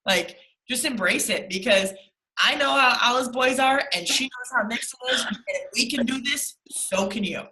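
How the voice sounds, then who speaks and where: Bright-voiced, animated young woman. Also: on the high side, moderate pace, roomy sound, rough recording. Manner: animated, swears casually, acts out little scenes. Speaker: co-host of a sales team call. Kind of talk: casual motivational chat.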